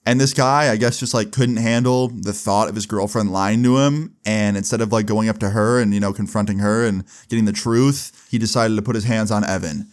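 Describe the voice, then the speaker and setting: A man's voice: lowish voice, fairly quick, hardly any pauses. A young man in his twenties casually narrating a storytime with lots of fillers and "right?" check-ins. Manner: relaxed, filler-heavy, keeps checking in with "right?". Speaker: YouTuber telling a story.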